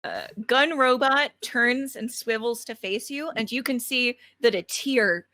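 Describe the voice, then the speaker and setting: Woman, game master, slow pace, dry mic, fillers and pauses. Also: a little high, animated, bright, forceful tone, no echo. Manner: slow, halting narration with fillers. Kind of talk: narrating a tabletop game.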